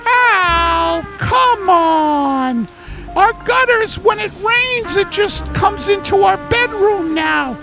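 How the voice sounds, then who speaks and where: A man voicing a middle-aged wife who nags her husband in a high, whiny voice. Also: animated, slow, over music, heavily acted.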